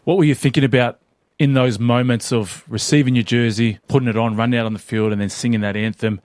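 A man's voice: mid-range voice, steady tone, quick pace, darkish tone. A male host with a mid-range voice asks long, winding questions full of asides. His voice sounds dry and close, with no reverb. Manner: rambling multi-part questions. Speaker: podcast host. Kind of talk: casual interview.

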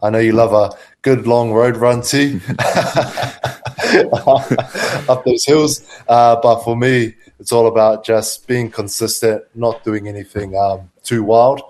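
A man speaking as a guest on a podcast, giving relaxed, practical health advice. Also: medium pitch, takes it slowly. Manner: relaxed, steady, gives practical health tips. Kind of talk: casual advice in interview.

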